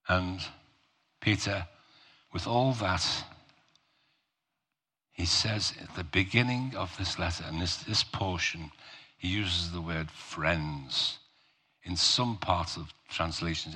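A male preacher giving a sermon, talking slowly and emphatically in a conversational way, with rhetorical questions to the congregation. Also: deep voice, sharp tone, slightly rough.

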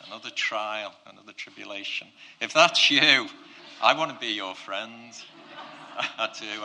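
A man preaching a sermon, telling a Bible story in a conversational way and swinging from quiet, low passages to loud, excited ones. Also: gravelly, slight background noise.

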